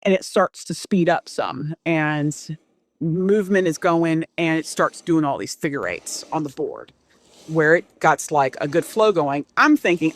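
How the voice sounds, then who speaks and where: A woman's voice: low voice, animated, slow pace, pauses often. A woman telling a first-hand scary story as a podcast guest, rambling, restarting and swearing as she quotes herself.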